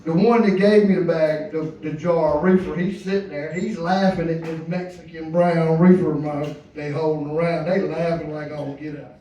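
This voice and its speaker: A first-time comedian telling a story on stage, animated and colloquial, laughing as he goes. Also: sits high. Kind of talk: stand-up storytelling. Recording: echoey club from far off.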